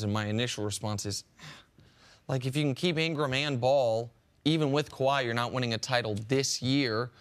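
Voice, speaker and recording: A man hosting a sports talk show in casual debate, animated and dropping low and quiet at the end of each point.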